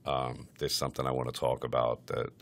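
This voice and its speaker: A man's voice: very deep voice, flat delivery, fairly quick, a bit bright. A man hosting a podcast, talking in crude casual chat with a brash, mock-aggressive, profane manner. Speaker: podcast host.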